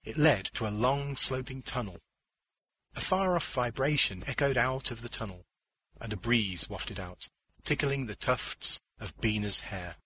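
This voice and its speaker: A man narrating a short story in a measured, deliberate audiobook reading on a close mic. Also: medium pitch, lively intonation, pushed and bright, breathy edge, rough recording. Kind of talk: scripted audiobook narration of fiction.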